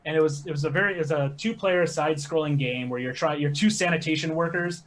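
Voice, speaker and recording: A man, a podcast guest telling animated stories with quick asides. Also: fairly high pitch, a little hiss or hum. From American Midwest. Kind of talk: casual podcast chat.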